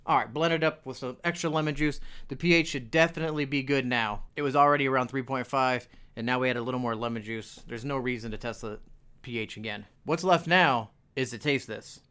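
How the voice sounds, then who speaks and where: A young adult man, hosting a cooking video, walks through a homemade recipe in his home kitchen with a casual, chatty manner and joking asides to viewers. His voice is smooth and clear at a middle pitch with a sharp tone, and he talks fairly quickly.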